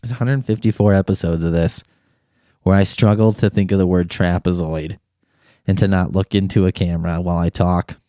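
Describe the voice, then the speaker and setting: A man's voice: deep voice, steady tone, normal speed, warm tone, no echo. A man hosting a podcast, talking in a rambling, irreverent, jokey comic monologue into a studio microphone. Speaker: podcast host. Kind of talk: casual comedic monologue.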